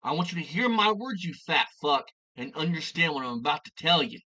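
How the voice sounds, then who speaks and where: A vlogger unloads an angry, profanity-laced commentary rant, piling on insults and hammering key phrases over and over. The voice is bright and sharp and swings widely in pitch. It sits a little far from the microphone. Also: animated, a little fast, highs cut off.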